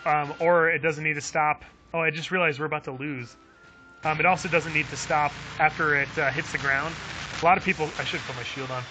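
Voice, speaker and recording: A man's voice: fairly high pitch, poor audio. A man live-streaming a game who reads viewer chat aloud, chuckling often and talking in a friendly, chatty way.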